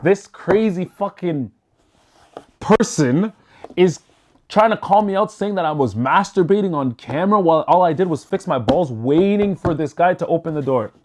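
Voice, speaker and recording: A man with a somewhat high-pitched voice tells a story straight to camera. He is animated and loose, swearing freely and leaning on "like" and "you know" as he goes. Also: normal speed. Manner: animated, swears freely, chatty with lots of fillers. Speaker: storyteller vlogger. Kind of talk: casual story time.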